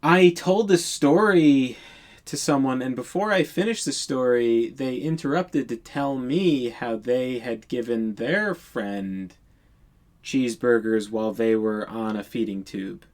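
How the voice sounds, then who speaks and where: A man's voice: mid-range voice, a little slow, darkish tone. A man telling a storytime tale in a casual monologue, exasperated and profane, rambling with many restarts.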